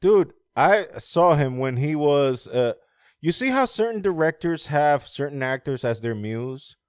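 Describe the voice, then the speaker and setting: Guy rambling about movies, laughs a lot, swears, super lively pitch, dry sound. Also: measured pace, smooth, no echo. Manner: animated when mocking movie scenes. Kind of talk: casual chat about movies.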